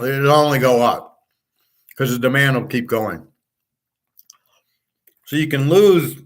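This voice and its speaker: A man's voice: medium pitch, a bit bright. A man who handicaps sports bets, talking in a blunt, profane, rambling monologue.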